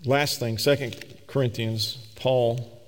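A man preaching a sermon, swinging between emphatic raised peaks and slow, low scripture reading. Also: fairly even intonation. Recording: long reverb of a large hall.

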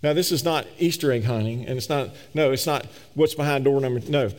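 A man preaching a sermon, swinging between emphatic raised peaks and slow, low scripture reading. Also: darkish tone. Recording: long reverb of a large hall.

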